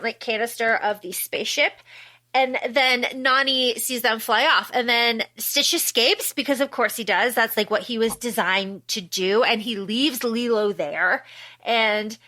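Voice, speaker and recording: High bright woman recapping a movie. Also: normal speed. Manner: animated, acts out quotes in funny voices. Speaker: podcast co-host. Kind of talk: casual movie recap chat.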